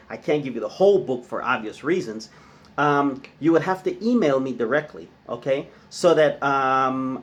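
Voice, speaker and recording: A man teaching a casual Spanish vocabulary lesson, quizzing playfully and slowly repeating each word. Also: fairly high pitch. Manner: quizzing, playful, drawn-out slow repetitions of words.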